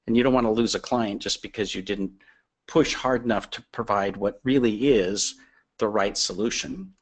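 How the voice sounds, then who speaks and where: A man's voice: on the low side, normal speed. Persuasive man explaining business advice. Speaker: guest expert.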